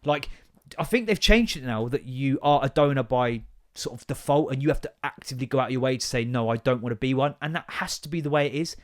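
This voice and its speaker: A young man hosting a solo comedy podcast, ranting in a sweary, rambling, animated way. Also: mid-range voice, fast talker. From England. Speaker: podcast host.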